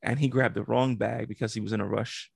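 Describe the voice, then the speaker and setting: A man telling a story in casual podcast chat, animated and laughing, acting out the quotes. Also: mid-range voice, brisk, vocal fry, slightly rough, no echo, clean studio sound.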